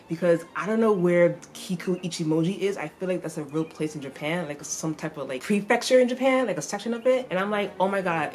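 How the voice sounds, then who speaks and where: A woman giving casual, slangy commentary as an anime vlogger, animated and jumping into playful voices. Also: deep voice. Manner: animated, slangy, swings into put-on character voices.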